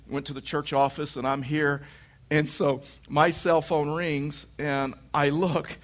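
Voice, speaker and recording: A man preaching a sermon, telling a lively personal story and acting out his wife's lines. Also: on the high side.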